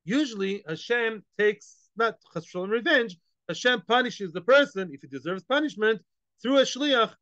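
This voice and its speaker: High-voiced man teaching Talmud, dull and dry. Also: animated, moderate pace, sharp tone, no room sound. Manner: explains Aramaic phrase by phrase in English, mixing in Hebrew and Yiddish terms; conversational, asks and answers his own questions. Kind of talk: daily Talmud class.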